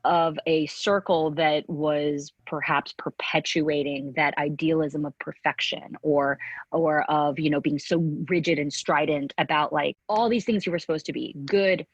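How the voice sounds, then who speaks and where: A woman's voice: sits low, fairly even intonation, unhurried, husky, no room sound, lo-fi sound. A middle-aged woman in a candid interview, speaking earnestly with many restarts and acting out quotes from her past. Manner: earnest, tumbling restarts, acts out remembered quotes. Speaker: guest.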